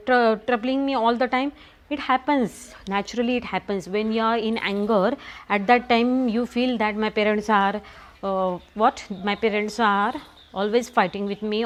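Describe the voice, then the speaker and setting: A middle-aged woman with a Marathi accent teaching an English lesson to children, often repeating herself and asking the class questions. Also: fairly high pitch. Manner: repetitive, asks students questions often. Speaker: school teacher.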